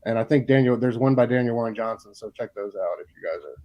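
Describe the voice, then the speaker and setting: A man on a live-streamed panel, talking with halting enthusiasm. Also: medium pitch, dry recording, highs cut off. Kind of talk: casual live-stream chat.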